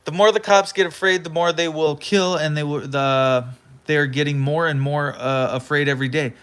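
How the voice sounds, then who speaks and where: A man's voice: on the high side, fairly even intonation, normal speed, a bit bright, smooth. A man hosting a livestream, ranting heatedly with profanity and lots of repetition. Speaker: livestream host.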